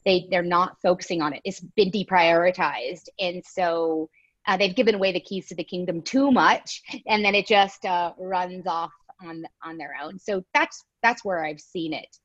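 Animated woman on a dull lo-fi line. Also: lowish voice, moderate pace. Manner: animated storyteller, quotes others in voices. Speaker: guest. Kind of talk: casual chat.

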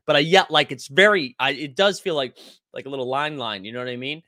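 A young adult man hosting a casual basketball live stream, talking loud and animated and answering the chat. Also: mid-range voice, fast talker, no room sound, studio quality. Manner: loud, animated, yells often; reads and answers chat comments.

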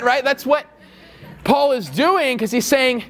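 A man's voice: very high voice, lively intonation, moderate pace, fairly bright tone, soft background music. A male pastor giving a sermon, chatty and joking at first, then building into fervent, repeated calls.

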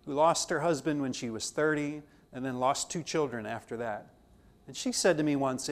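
A man teaching a theology class, his voice a little higher than most men's. He talks conversationally and slips into the voices of people in the stories he tells. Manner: conversational, acts out dialogue in anecdotes. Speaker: theology lecturer.

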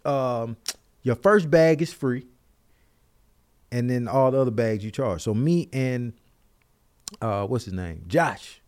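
Man in his forties telling animated stories. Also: medium pitch, takes it slowly, pauses often. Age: 40s. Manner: animated, acts out others' lines in his stories. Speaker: podcast co-host. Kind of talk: casual storytelling chat.

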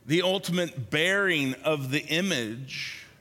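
A man preaching a sermon as a pastor, speaking in slow, pausing phrases that trail off softly at the ends. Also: fairly high pitch, big-room sound.

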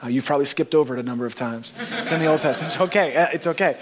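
A man's voice: a little high, rapid-fire, a crowd in the background. A man preaching a sermon in a church, earnest and emphatic, rising on key phrases. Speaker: pastor.

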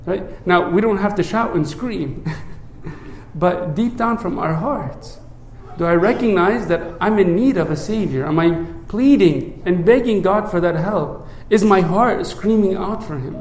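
A man with a fairly high voice gives a relaxed, conversational sermon. He stumbles over repeated words and keeps asking "right?" to check in with his listeners. His voice sinks low and quiet whenever he recites the prayer, and the room around him rings with echo. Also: a little slow. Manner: repeats words at the start of phrases; drops low and soft when reciting prayer. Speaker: priest.

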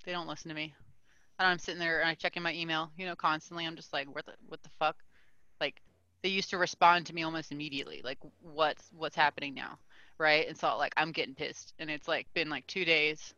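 A woman co-hosting a podcast, telling a story in an animated, swearing rant full of "like". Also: sits low, fast, no room sound, dull audio. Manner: animated ranting with lots of "like" and swearing. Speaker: podcast co-host. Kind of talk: casual chat, storytelling.

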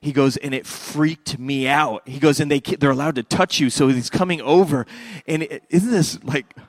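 A middle-aged man preaching a sermon as a pastor, swinging between loud fervent passages and quiet hushed ones. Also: fairly high pitch, normal speed, no room sound.

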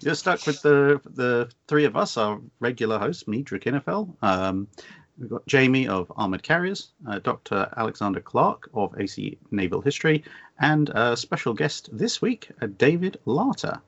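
A man's voice: medium pitch, very animated, normal speed, a bit bright, no room sound, muffled recording. A man hosting a podcast, making joking introductions in casual chat. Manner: jokey, laughing introductions. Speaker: podcast host.

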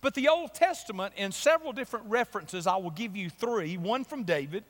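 High-voiced pastor, church reverb. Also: male voice, lively intonation, a little fast, fairly bright tone. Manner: folksy storytelling, rising into preaching emphasis. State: slightly hoarse from a cold. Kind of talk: sermon. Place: church sanctuary. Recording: long reverb of a church hall.

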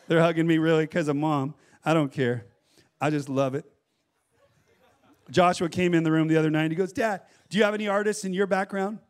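A middle-aged man preaching a sermon, telling personal stories in an animated way with frequent laughs. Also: fairly high pitch, a little fast, long pauses, clean tone. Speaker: pastor.

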